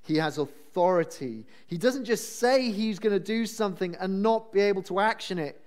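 High-voiced, animated preacher. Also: male voice, moderate pace. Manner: chatty, self-deprecating, animated. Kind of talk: sermon.

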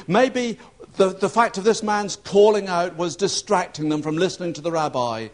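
Storytelling preacher, higher voice. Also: male voice, moderate pace. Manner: storytelling preacher, acting out shouts and quotes with rising pitch. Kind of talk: sermon.

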